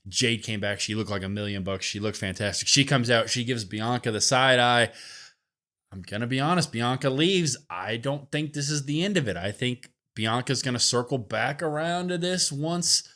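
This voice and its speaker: A man co-hosting a podcast, giving relaxed opinions on a wrestling show in casual chat. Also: medium pitch, normal speed. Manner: relaxed, thinking aloud with fillers.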